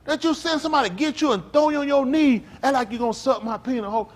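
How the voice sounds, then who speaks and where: A man speaking as a pastor in an emphatic, preacherly talk, often building up to loud outbursts. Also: very high voice, quick pace.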